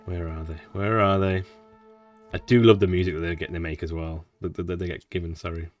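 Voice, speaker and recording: Man, gaming streamer, casual play commentary, mumbled asides, mic off at a distance, quiet game music. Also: deep voice, level tone, fast talker. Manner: chatty, mumbling asides, restarts.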